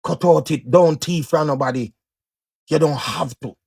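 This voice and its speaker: Male speaker, Jamaican Patois, gravelly voice, preachy motivational monologue, emphatic and repetitive. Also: fairly high pitch, moderate pace. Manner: emphatic, repetitive, swings loud and soft.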